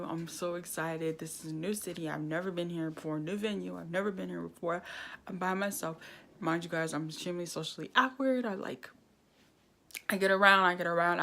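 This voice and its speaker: A young woman vlogger telling a lively personal story, laughing often and acting out what people said. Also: lowish voice, vocal fry. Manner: animated storytelling, laughs often, acts out quoted dialogue. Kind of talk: casual storytime vlog.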